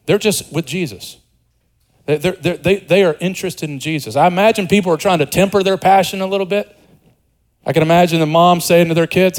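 Man, preacher, sermon, conversational, repeats words, joking asides, slightly high pitch. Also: moderate pace, rough recording. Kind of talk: expository sermon.

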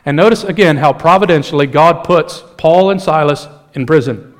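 A male pastor delivers a sermon in an animated, conversational style. He mixes humor into the preaching and speaks with a slightly high voice. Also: normal speed.

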